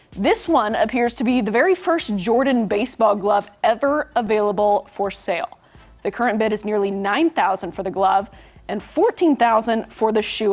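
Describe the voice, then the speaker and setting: A young woman anchoring morning entertainment news, reading stories and riffing chattily with co-hosts. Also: mid-range voice. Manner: bright, chatty delivery, reads then riffs.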